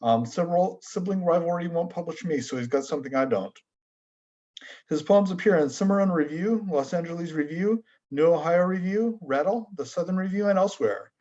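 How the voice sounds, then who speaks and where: A man's voice: fairly high pitch, a little fast, warm tone, lo-fi sound. A man hosting an online book launch, introducing the next reader in a casual, self-deprecating way. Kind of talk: event introduction.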